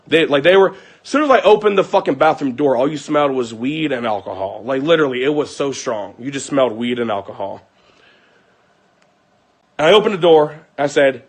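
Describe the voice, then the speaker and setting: The vlogger, a young man, keeps up his heated, profane retelling of the family fight, voicing everyone's words. His mid-range voice is animated and fairly quick.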